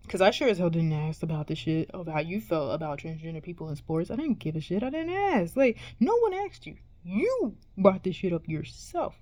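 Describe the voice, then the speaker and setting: A woman's voice: mid-range voice, darkish tone, dry recording. Woman, casual vlog rant, exasperated and profane, dry close sound. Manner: profane, exasperated, rambling with restarts. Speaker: vlogger.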